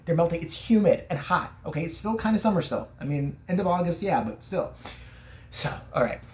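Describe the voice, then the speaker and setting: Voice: medium pitch, darkish tone. A vlogger ranting and telling a story casually, sarcastic and full of profanity.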